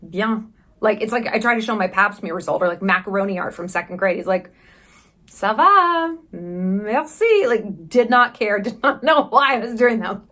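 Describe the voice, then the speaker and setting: A woman in her thirties from the United States, chatting candidly in a travel vlog, sarcastic and quick with profane asides. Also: mid-range voice, a bit bright. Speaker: vlogger. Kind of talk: casual travel vlog chat.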